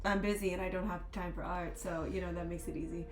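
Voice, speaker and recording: Relaxed woman in an echoey room. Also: lowish voice, quick pace, a crowd in the background. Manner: relaxed, reflective, chatty with frequent "like". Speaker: guest illustrator. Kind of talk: casual chat. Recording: echoey room with faint background music.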